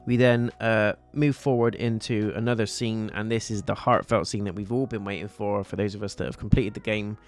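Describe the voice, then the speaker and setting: A man's voice: lowish voice, fairly even intonation, fairly quick, few pauses, faint music behind. A man giving a casual spoken review of a TV episode, recapping scenes in a chatty way and loosely paraphrasing the characters' lines.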